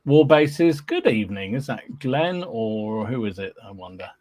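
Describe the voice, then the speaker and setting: A man hosts a casual live show in an easygoing, rambling way, full of fillers and small hums between names. His voice sits at an ordinary middle pitch. It is recorded close and dry, with no room sound at all. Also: lively intonation, unhurried, a little mellow, no echo. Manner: chatty and easygoing, with many fillers and humming. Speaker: podcast host. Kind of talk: casual live-stream chat, reading out viewer names.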